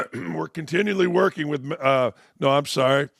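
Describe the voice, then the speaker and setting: An older man hosts a sports talk show, talking straight into a close studio mic. His voice sits a touch high for a man and carries a gravelly, creaky edge. He drifts between dry sarcasm and mock outrage, and the sound is dry and close. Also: normal speed, no room sound. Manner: sarcastic, mocking, animated with voiced asides. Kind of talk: opinionated talk monologue.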